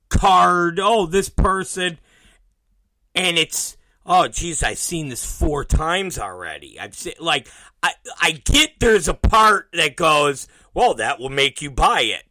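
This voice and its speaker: Animated, profane male show host. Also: a little high, no room sound. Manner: swears often, acts out both sides of conversations. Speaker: podcast host. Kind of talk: casual profane monologue.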